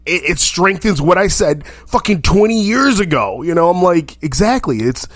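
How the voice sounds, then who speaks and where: A fairly high-pitched man hosting a casual interview, swearing a lot and ranting with heavy emphasis. The recording is dry and close, with no room sound. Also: moderate pace, no room sound, faint music behind. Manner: profane, emphatic, animated ranting. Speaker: interview host. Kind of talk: casual conversation.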